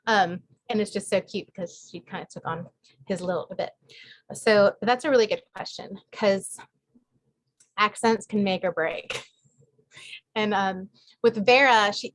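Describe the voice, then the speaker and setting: A woman author answering questions in a casual group chat on a video call, talking with many fillers and restarts. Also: mid-range voice. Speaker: guest author. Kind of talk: casual online group talk.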